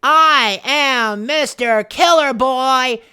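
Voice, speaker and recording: A man mimicking a high, brash young guy. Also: very slow, bright, forceful tone, clear, resonant tone, exaggerated voice. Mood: boastful.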